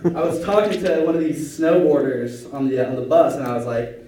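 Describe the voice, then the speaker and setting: A man's voice: fairly high pitch, steady tone, fairly quick, warm tone, very echoey, a little hiss or hum. A young man doing a hesitant, rambling stand-up routine in a small room with an audience, full of fillers and restarts, recorded by a far camera. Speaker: stand-up comedian.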